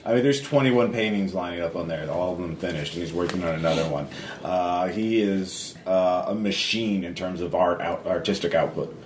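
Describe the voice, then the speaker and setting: A man narrating as game master in a tabletop game, halting with many fillers. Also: low-pitched. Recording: echoey room from a distance, background noise.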